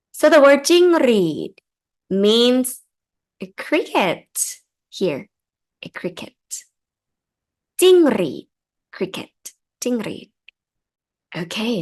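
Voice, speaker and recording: A young woman with a Thai accent, a native Thai speaker, patiently teaching beginners to read Thai. She explains step by step and repeats each word slowly for learners to follow. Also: medium pitch. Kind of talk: step-by-step reading lesson.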